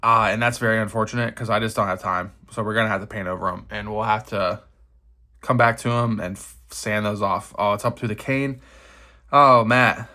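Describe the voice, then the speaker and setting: A man's voice: lowish voice, fairly even intonation, brisk, sharp tone. A young man chatting casually while he paints a miniature at his desk, thinking aloud and poking fun at himself. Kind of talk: casual narration over a painting session.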